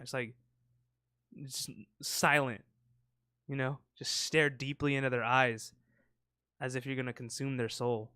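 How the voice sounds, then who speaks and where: A man's voice: mid-range voice, fairly even intonation, normal speed, pauses often, bright, forceful tone, smooth, dry recording, studio quality. A man co-hosting a podcast, rambling in casual, profane banter and acting out sound effects. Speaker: podcast co-host. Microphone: close podcast mic.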